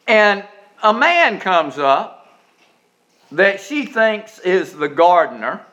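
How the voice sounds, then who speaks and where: A man preaching a sermon. His voice sits high and sounds bright and forceful. He swings from booming emphasis to soft, folksy asides, often repeating a word as he gets going. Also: big pitch swings, takes it slowly, lo-fi sound. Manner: emphatic preaching with sudden loud rises and quiet asides; folksy, repeats words when starting sentences.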